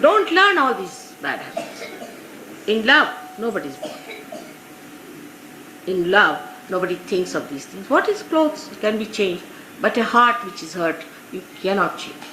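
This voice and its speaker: Captured on an echoey, faintly hissing recording from the 1980s, a woman from India leads an informal spiritual talk for her followers in an Indian English accent. Her fairly low voice is very animated, pushed, and bright, moving at a moderate pace as she tells anecdotes laced with "you see."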